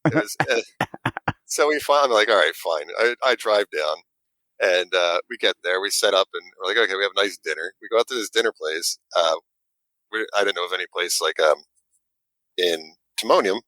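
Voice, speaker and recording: Man, very low voice, crisp and bright, dry close sound, casual animated storytelling. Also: a little fast, no room sound, low-quality recording. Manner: animated, acts out quotes, stammers. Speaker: model maker guest.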